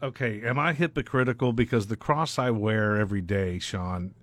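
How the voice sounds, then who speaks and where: A man with a fairly low voice co-hosts a talk radio show from a dry studio. He chimes in with wry, joking asides. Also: normal speed, no echo. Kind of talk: casual talk radio banter.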